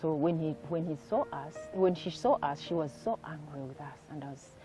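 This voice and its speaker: A woman guest telling her life story in an interview, soft-spoken and reflective, with many fillers. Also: deep voice, normal speed. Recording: dull lo-fi recording with faint music.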